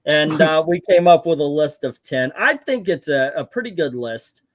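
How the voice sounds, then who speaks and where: A middle-aged man hosts a laid-back movie chat, his voice sitting a little high. He rambles, jokes and leans hard on his points. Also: expressive, normal speed, dry recording. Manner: joking, rambling, emphatic. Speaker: host.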